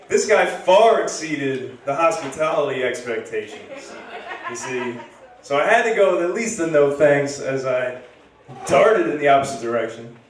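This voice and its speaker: A man hosts a live comedy night from a bar stage, telling stories in a loose, rambling way. His voice sits fairly high. The sound is very echoey and comes from a distant mic. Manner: casual rambling storytelling. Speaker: stand-up comedian and host. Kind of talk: stand-up comedy. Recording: echoey room from far off.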